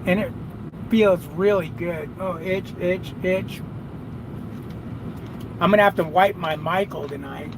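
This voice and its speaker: Man, trucker, high-pitched voice, casual profane chatter, in his truck cab, faint road noise behind. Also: takes it slowly, creaky, long pauses. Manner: profane, rambling, talks to viewers and his dog. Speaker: trucker streaming live. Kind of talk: casual live chat.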